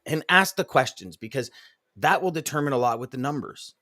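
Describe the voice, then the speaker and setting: A man co-hosting a live sales show in a casual, emphatic way. He tells stories with repeated words for stress. His voice sits at an ordinary middle pitch. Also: a little fast. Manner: animated storyteller, emphatic repetitions. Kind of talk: casual live-stream chat.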